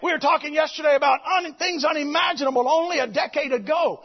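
A man preaching a fiery sermon, with a shouting, preachy cadence. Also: extremely high pitch, fast. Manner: shouting, preachy cadence, quotes others in character. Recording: muffled lo-fi recording.

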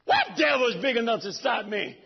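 A middle-aged man with a raspy, gravelly voice, preaching a sermon that swings from soft talk to shouts. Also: very high voice, wildly swooping pitch, a little fast, dull audio. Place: church sanctuary.

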